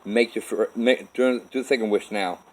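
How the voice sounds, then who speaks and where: A man's voice: lowish voice, fairly even intonation, moderate pace, lightly acted. A man re-enacting the blunt, commanding voice of his nine-year-old self. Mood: urging.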